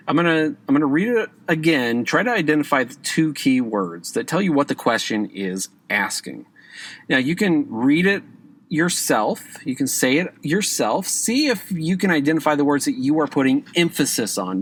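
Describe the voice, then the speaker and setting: A man's voice: a little high, fairly bright tone, no room sound. A man hosting a podcast who gives casual exam-prep advice, often checking in with "okay?" and leaning hard on key words. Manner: conversational, repeats "okay?" to check in with listeners; stresses key words with emphatic rises. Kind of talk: casual instructional podcast talk.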